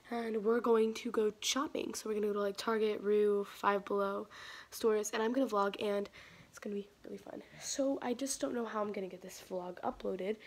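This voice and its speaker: A woman's voice: medium pitch, husky. A young woman vlogging casually into a phone camera, rambling and chatty with lots of fillers. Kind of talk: casual vlog chat. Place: outdoors on a porch at night.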